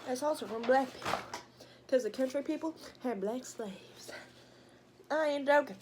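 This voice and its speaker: A mukbang vlogger with a high-pitched voice and an American country accent eats on camera in a casual vlog, speaking at a moderate pace. She's crude and joking and laughs a lot, and the background is noisy.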